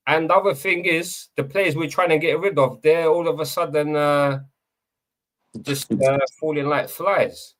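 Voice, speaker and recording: A man on a live football chat show giving his view in a measured, conversational way. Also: fairly high pitch, fairly even intonation, a bit bright. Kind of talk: casual live podcast chat.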